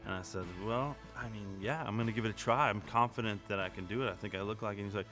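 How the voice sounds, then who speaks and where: Deadpan male actor, earnest tone, mid pitch, music playing clearly behind. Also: fast, hardly any pauses. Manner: earnest, straight-faced boasting. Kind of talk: deadpan mock interview.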